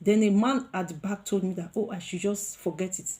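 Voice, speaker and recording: A woman from Africa vlogging, telling a personal story with lively, expressive delivery and acted-out quoted voices. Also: mid-range voice, a little fast. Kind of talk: storytime vlog.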